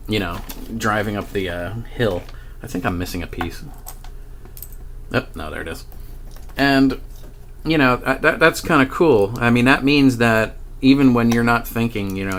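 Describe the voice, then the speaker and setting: A man's voice: fairly low pitch, a bit bright, a little hiss or hum. A man vlogging about a paranormal experience, rambling and profane as he tells the story, with frequent restarts and chuckles. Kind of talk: casual storytelling monologue.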